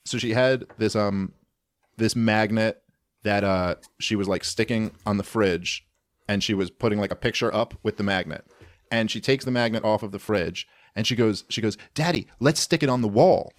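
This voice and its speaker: A man on a podcast telling a story about his young daughter, acting out the dialogue with warmth. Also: fairly low pitch, moderate pace, dry recording, clean studio sound. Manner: warm storytelling, lively acted-out dialogue. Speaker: podcast guest. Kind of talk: anecdote in a podcast interview.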